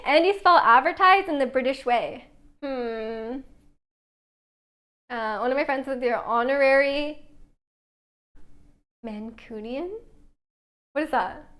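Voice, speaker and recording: A young woman with a high voice chats on a live stream from her home kitchen. She reads viewers' messages aloud and rambles easily between them, filling her sentences with "like". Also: slow pace, pauses often, a bit bright. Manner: chatty, reads chat aloud, many "like" fillers. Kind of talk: casual live-stream chat while baking.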